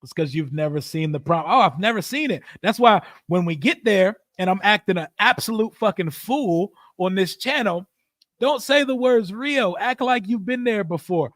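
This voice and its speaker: A man hosting a casual football watch-party stream, talking in an animated, profane way and laughing often. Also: high-pitched, normal speed, few pauses, no room sound, clean studio sound. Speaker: livestream host.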